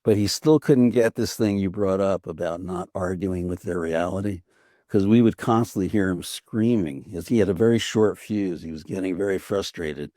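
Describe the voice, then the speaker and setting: Older guy with a really deep voice, thoughtful, kinda rambly, dry close sound. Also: normal speed, dark tone, dry recording. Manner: earnest storytelling with restarts. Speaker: author guest. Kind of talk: reflective conversation.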